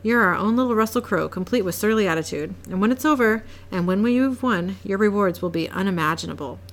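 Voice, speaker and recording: A woman's voice: medium pitch, lightly acted. Zach, a smug angel read by a woman. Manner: glib, mocking, unhurried. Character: smug scheming male angel bureaucrat.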